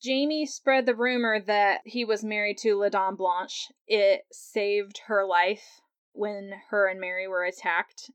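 A young woman hosts a podcast, talking through an episode in a loose, chatty way. Her voice sits at an ordinary middle pitch, and she laughs often. The sound is dry and close to the mic. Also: fairly even intonation, unhurried, smooth, no room sound. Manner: chatty, laughs often, acts out quotes in a higher voice. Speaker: podcast host. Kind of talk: casual episode recap.

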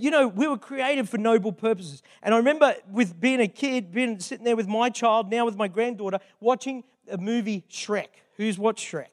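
An older man, a grandfather, preaching a sermon in a chatty, conversational way with frequent asides. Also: high voice. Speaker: pastor.

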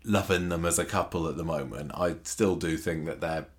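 A man's voice: low-pitched, moderate pace. A man co-hosting a podcast, chatting casually about a soap opera, often restarting and acting out quotes. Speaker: podcast co-host.

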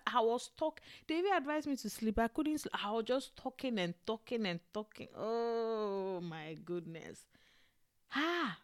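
A young adult woman telling a personal story in a casual, expressive way, with frequent exclamations. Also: on the high side, fairly quick. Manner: animated and expressive, with exclamations and laughter.

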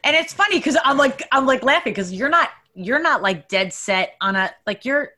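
A young woman in casual chat, animated and quick to laugh as she recalls stories. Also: high-pitched.

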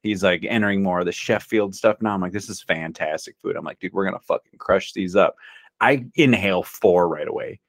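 Low-voiced, laid-back swearing young man. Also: fairly quick, no room sound, studio quality. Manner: swearing, laid-back, enthusiastic about food. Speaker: podcast co-host. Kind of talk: casual chat.

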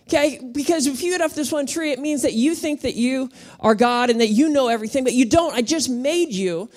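A woman pastor preaching to a congregation in an animated, playful way, calling on the room to answer back. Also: high voice, brisk. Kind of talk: sermon. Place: church auditorium with congregation.

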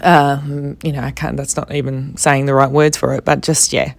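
A young Australian travel vlogger with a bass, gravelly voice tells her travel stories at a moderate pace in a chatty, casual way. She grows animated when quoting others and softens when things get serious, with no echo in the recording.

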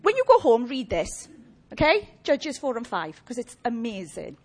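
A woman preaching a lively, humorous sermon and chatting with her audience. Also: on the high side, moderate pace.

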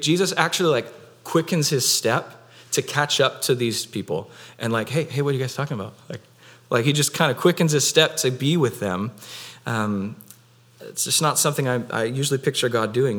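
A young man delivers an Easter sermon in a relaxed, chatty way. His voice sits at a middle pitch, and he keeps dropping in fillers as he talks. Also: normal speed. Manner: casual, conversational, many fillers. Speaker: pastor.

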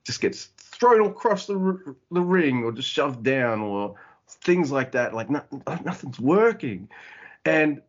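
A man co-hosting a podcast, chatting casually in an animated way, swearing and acting out quotes. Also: mid-range voice, takes it slowly. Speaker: podcast co-host. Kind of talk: casual chat. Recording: dull lo-fi audio.

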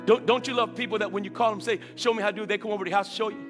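A man preaching a sermon with enthusiasm, repeating words and swinging between loud calls and low murmurs. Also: steady tone, rapid-fire, big-room sound, over music.

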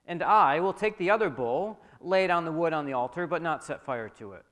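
A man voicing a defiant old male prophet who speaks out loud and forceful, with long hall reverb. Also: fairly high pitch, lively intonation, brisk, pitched above the performer's own voice. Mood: commanding.

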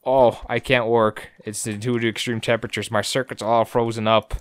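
A man's voice: medium pitch, flat delivery, normal speed, clean tone, no room sound, close to an everyday voice. A man doing a smug robot, whining. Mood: mocking. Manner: mocking, dismissive. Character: smug male robot pilot, whiny.

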